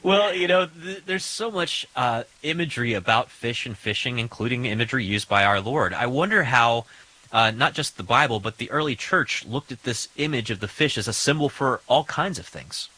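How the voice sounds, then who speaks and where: A man hosting a radio talk show, asking his guest questions in a relaxed way full of fillers. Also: mid-range voice, moderate pace, poor audio. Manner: relaxed, thinks aloud with fillers. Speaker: host. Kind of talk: conversational radio interview.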